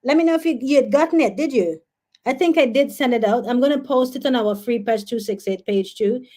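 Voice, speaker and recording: A young woman with a Guyanese accent chats through a casual live stream, excitable and quick to exclaim. Her voice is mellow and warm, never sharp. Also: a little high. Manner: chatty, excitable, laughs and exclaims often. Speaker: livestream host.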